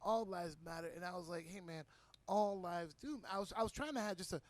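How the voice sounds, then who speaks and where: A man's voice: high voice, a little fast, dry recording. A man co-hosting a podcast, telling a profane story and acting out what people said, in a casual chat. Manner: profane, animated, acts out quotes. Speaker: podcast co-host, comedian.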